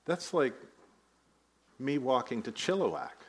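A man's voice: mid-range voice, very animated, a little slow, husky. A man preaching a sermon, telling the story with rising emphasis and light asides. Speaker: pastor.

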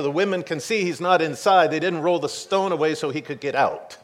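A man giving a sermon, reading scripture aloud and retelling the story with animated swings between hushed and loud delivery. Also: fairly high pitch, a little fast. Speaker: pastor.

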